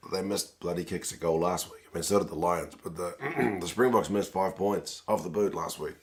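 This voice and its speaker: A man, hosting a sports watch-along stream, chatting with viewers by name while his voice is hoarse and going. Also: low-pitched, normal speed. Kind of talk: live stream chat reading viewer comments.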